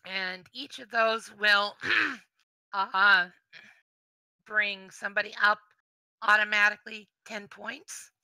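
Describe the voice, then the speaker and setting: A woman running a tabletop game as game master, calmly guiding the players and narrating outcomes. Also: medium pitch, clear, resonant tone, no echo. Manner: measured, guiding players through the scene.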